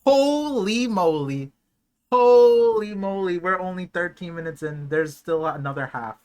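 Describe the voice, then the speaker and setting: Young man, live streamer, emotional reaction, hushed then loud, casual slangy talk. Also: high-pitched, a little slow, clean tone. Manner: excitable, emotional, swings from hushed awe to loud outbursts. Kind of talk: live watch-party reaction.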